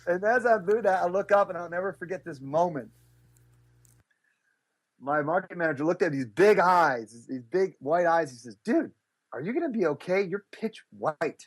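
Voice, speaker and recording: A middle-aged man telling stories as an interview guest, acting out quotes with big jumps in his voice. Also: creaky. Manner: lively, acts out quotes with big pitch jumps. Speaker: guest speaker and business coach. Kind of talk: animated storytelling interview.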